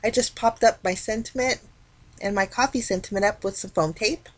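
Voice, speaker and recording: A woman talking casually through a card-making tutorial, explaining each step in a relaxed, chatty way. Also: mid-range voice, moderate pace. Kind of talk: casual craft tutorial narration.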